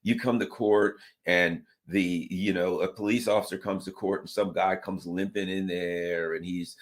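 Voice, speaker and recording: A man giving an animated political rant, mocking people with sarcastic put-on voices that jump far up in pitch. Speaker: political commentator.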